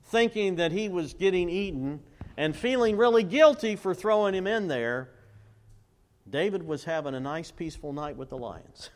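With a high voice and lively intonation, a pastor preaches, reciting scripture and hymn lyrics slowly. He keeps prompting the congregation to supply missing words in call-and-response fashion.

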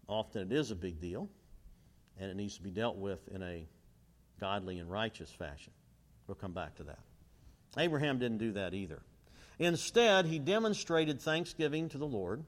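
Man preaching with long hall reverb. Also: mid-range voice. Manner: emphatic, asks rhetorical fill-in questions. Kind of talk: sermon.

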